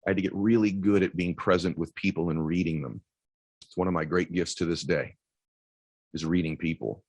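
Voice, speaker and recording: A middle-aged man with a deep voice giving an intense motivational speech, telling a personal story that sometimes drops to a hush. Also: steady tone, a little fast, dry recording, low-quality recording. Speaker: motivational speaker.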